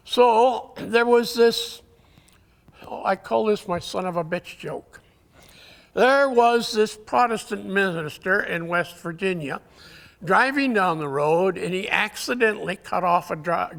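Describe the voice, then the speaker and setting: A man giving a conference talk, telling jokes in a folksy, halting way, his voice weakened, often clearing his throat. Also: sits high, bright, forceful tone. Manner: folksy, halting storyteller with many uhs. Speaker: conference speaker. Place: conference hall. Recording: long hall reverb.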